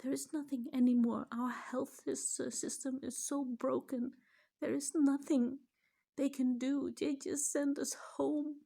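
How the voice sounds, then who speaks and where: A woman's voice: high voice, level tone, a little slow, creaky, warm tone. A middle-aged mother recording a vlog, tearful and close to crying, her voice shaky and breaking, at times dropping to a whisper. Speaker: vlogger, mother. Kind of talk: emotional personal vlog.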